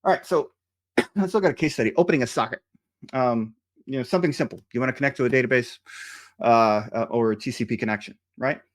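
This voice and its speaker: A man's voice: medium pitch, quick pace. Man giving a casual technical talk. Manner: conversational, many fillers and restarts, tag questions. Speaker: software engineer giving a conference talk. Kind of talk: technical presentation.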